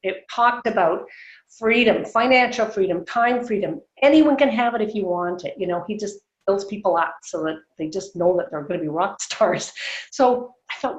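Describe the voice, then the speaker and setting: A woman in her sixties from Canada, a guest telling her story on a video call, animated, laughing often and acting out dialogue. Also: mid-range voice, moderate pace. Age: 60s. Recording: roomy, muffled video call audio.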